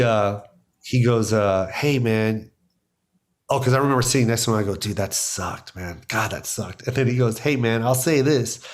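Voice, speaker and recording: A man, a stand-up comedian, telling stories in a casual interview, acting out quotes and laughing often. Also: fairly low pitch. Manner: excited storyteller, acts out quotes, laughs often. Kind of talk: animated storytelling in casual chat.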